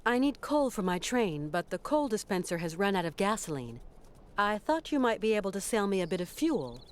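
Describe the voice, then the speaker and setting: An actress playing a composed, persistent female traveller in a video game, polite, measured and firm. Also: medium pitch, sing-song, close to an everyday voice.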